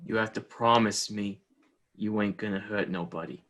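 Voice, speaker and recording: A man's voice: fairly low pitch, fairly even intonation, moderate pace, fairly bright tone. A man with a New York accent, a player in a tabletop game, speaking hesitantly. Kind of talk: tabletop role-play chat.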